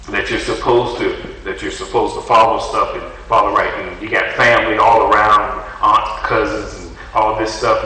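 Animated preacher man in an echoey hall. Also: lowish voice. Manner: animated, conversational preaching, acts out voices in dialogue. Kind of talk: sermon. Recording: echoey hall, mic at a distance.

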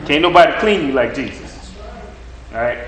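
A man's voice: mid-range voice, lively intonation, normal speed, crowd noise. A man preaching a sermon, driving his points home with repeated phrases and rhetorical questions. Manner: emphatic, repetitive preaching cadence with rhetorical questions. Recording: echoey room.

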